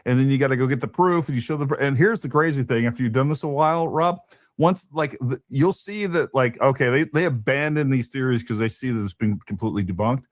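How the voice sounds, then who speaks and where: A man's voice: mid-range voice, quick pace, no echo. Blunt male stream guest, dry sound. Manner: frustrated, blunt, reads viewer comments aloud. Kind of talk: casual live-stream chat.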